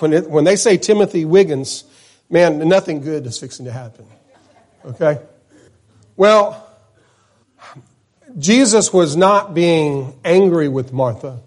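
Male preacher, fifties, earnest and chatty, slightly high voice, church sermon. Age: 50s. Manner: earnest, conversational, repeats names for emphasis. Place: church, in front of the pulpit.

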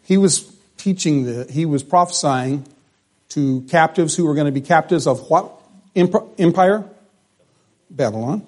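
A man's voice: fairly high pitch, a little mellow. A male pastor preaching a conversational sermon in church, asking the congregation questions as he goes.

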